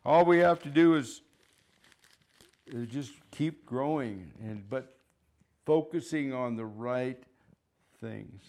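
A man preaching a sermon, fervent and emphatic, repeating phrases and swinging between loud declarations and quiet asides. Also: medium pitch, slow pace, long pauses. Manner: fervent, rising and falling in loudness, chuckles between points.

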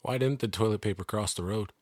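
A man co-hosting a podcast, telling jokes with animated delivery in a casual chat. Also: fairly low pitch, fast, no room sound, studio quality. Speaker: podcast co-host.

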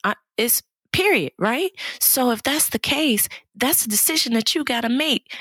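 Husky, exuberant woman podcast host. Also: fairly high pitch, animated, normal speed, fairly bright tone, no echo. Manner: exuberant, preachy, pet names like baby and child. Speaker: podcast host and life coach. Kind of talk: motivational podcast monologue.

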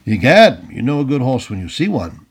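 A man voicing a blustering, excitable older Tory planter in an audiobook reading. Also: medium pitch, normal speed, breathy edge. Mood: hearty. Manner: excitable, hearty, stammering when flustered.

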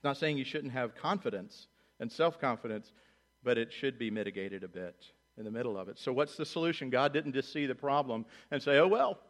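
A man preaching a sermon as pastor, animated, acting out quoted voices and dropping low and quiet for solemn lines. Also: brisk. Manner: animated, acts out voices of God and children in quotes.

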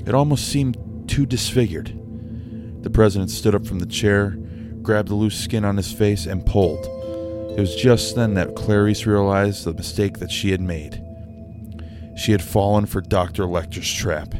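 A man's voice: lowish voice, moderate pace, over music. A man casually reading a story aloud and joking about his own slips. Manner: self-deprecating, laughing at his own slips. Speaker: storyteller and channel host.

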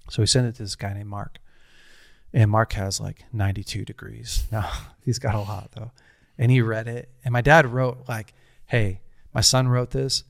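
A man's voice: lowish voice, flat delivery, normal speed, creaky, dry recording, studio quality. A man in his thirties telling a personal story in casual conversation, earnest and rambling, with frequent restarts.

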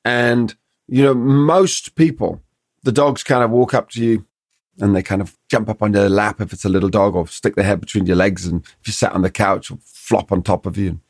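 A man's voice: lowish voice, moderate pace, no room sound, studio quality. A middle-aged man, a dog trainer in a podcast conversation, explaining his ideas and acting out little quotes from dogs and owners. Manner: animated storyteller, acts out dog and owner quotes.

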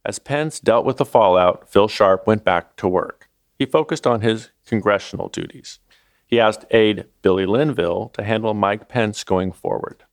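A man narrating a documentary as its host, in a measured, scripted delivery. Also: on the low side, no echo, clean studio sound.

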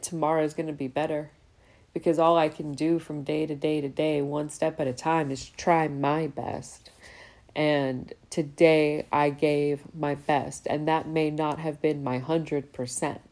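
A woman in her thirties with a low voice speaks in a casual, reflective podcast monologue. Her tone is soft and relaxed. She talks openly and a lot, and swears freely. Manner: candid and talkative, swears freely. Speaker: podcast host.

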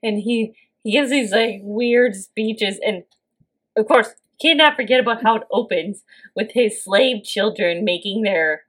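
A woman's voice: medium pitch, a little slow, a bit bright. A woman co-hosting a podcast, giving wry, sarcastic commentary in a casual movie-review chat. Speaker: podcast co-host.

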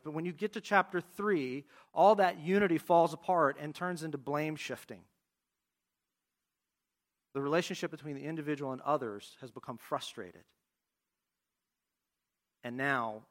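A man preaching a sermon, reading scripture aloud and asking the congregation questions in an expressive way. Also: a little high. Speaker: pastor.

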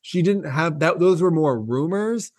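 A man's voice: on the high side, animated, unhurried, darkish tone, no room sound. A man co-hosting a casual gossip chat, animatedly acting out quotes in mocking voices. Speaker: podcast co-host.

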